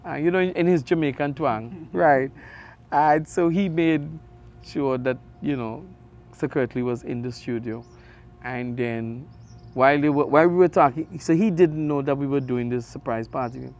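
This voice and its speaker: A middle-aged man with an Antiguan accent, a radio sports host telling stories in an interview, animated with big jumps in his voice. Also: on the high side, normal speed. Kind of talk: conversational interview storytelling.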